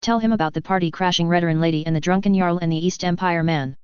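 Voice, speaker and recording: A woman's voice: lowish voice, quick pace, a little mellow, clear, resonant tone, no room sound, dull audio, close to an everyday voice. A woman reading aloud, voicing a male tavern keeper who coaxes a guest to tell his story. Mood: coaxing. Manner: coaxing. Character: pushy male tavern keeper egging on gossip.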